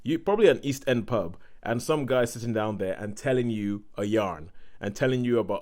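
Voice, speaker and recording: A man's voice: lowish voice, fairly quick, few pauses, a little mellow. A man hosting a podcast in casual chat, steering the talk and spinning out long explanations. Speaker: podcast host.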